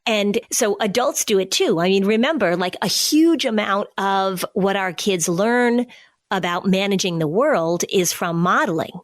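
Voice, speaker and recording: A woman's voice: mid-range voice, no echo, clean studio sound. Woman explaining anxiety patterns. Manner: explanatory, acts out kids' questions. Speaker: podcast host, anxiety expert. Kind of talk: casual podcast chat.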